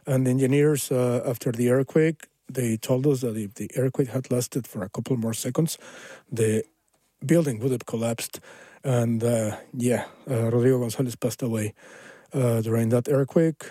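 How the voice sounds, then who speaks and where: A man's voice: mid-range voice, fairly even intonation, normal speed, warm tone, dry recording. A man, presenting a music radio show in a loose, conversational way with plenty of fillers. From Mexico City.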